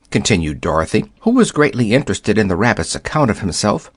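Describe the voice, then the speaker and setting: A man narrating a children's tale in a gentle, expressive storytelling voice. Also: fairly low pitch, fairly quick, few pauses, husky, no echo, studio quality.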